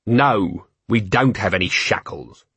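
A gruff, weary police commander, read by a man, curt and worn out. The voice is husky and close, with a dry sound. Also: fairly low pitch, measured pace, fairly bright tone, no echo, exaggerated voice.

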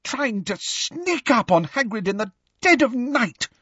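Guy putting on a high earnest teen girl voice, husky underneath, audiobook. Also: wildly swooping pitch, takes it slowly, fairly bright tone, dry recording, highs cut off, heavily acted. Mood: enraged. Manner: earnest, emotional. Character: clever, earnest teenage witch girl.

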